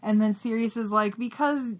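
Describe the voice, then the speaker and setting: A woman's voice: medium pitch, fairly even intonation, moderate pace. A woman co-hosting a podcast, casually retelling book scenes with lots of "like" and "um". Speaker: podcast co-host. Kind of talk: casual book club recap.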